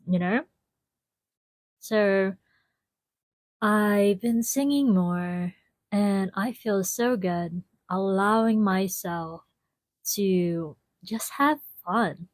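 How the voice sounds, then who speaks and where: A young woman hosts a casual solo podcast from home, talking in an easygoing, unhurried way. She laughs often and keeps calling her listeners y'all. Her voice comes through a small clip-on mic with a dry, close sound. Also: medium pitch, a little mellow, no echo. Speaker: podcast host.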